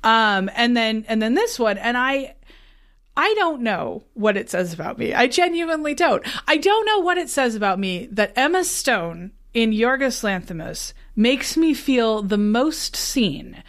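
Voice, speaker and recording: A woman's voice: a little high, a little slow. A woman co-hosting a podcast, speaking candidly and casually about films and her own feelings. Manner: candid, confessional, animated. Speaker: podcast co-host. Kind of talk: casual film discussion.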